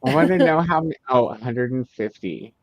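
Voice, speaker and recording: A woman co-hosting a casual livestream chat, playful and animated. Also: very deep voice, brisk, no room sound. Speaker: co-host. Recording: dull lo-fi stream audio.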